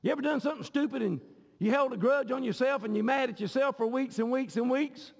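A man's voice: very high voice, fast talker, gravelly. A man pastor, preaching a sermon with passion and often repeating words as he goes. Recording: long hall reverb.

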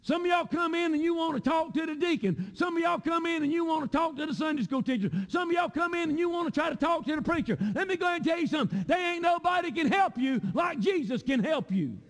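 High-voiced preacher in a reverberant sanctuary. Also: male voice, animated, fast, few pauses. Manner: repetitive preaching cadence, rising to shouts. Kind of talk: sermon. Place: church sanctuary.

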